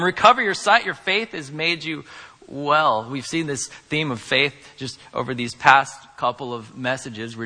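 A man preaching a sermon, moving from quiet, conversational asides to loud, emphatic declarations. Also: fairly low pitch. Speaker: pastor. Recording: long hall reverb.

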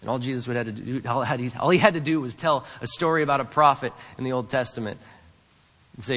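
A man's voice: medium pitch, quick pace, a bit bright. A male pastor preaching a sermon in a church, earnest and emphatic, repeating key lines for weight. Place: church sanctuary. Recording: long hall reverb.

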